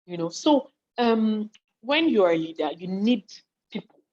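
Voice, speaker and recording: A Nigerian woman giving a lively, conversational online talk from her home study, often checking that her listeners are following, while hungry and yawning. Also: mid-range voice, unhurried. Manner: lively and conversational, acts out what people say, asks listeners if they follow. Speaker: speaker on leadership and volunteering. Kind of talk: live online talk to an audience in a chat. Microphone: video call. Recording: dull lo-fi call audio.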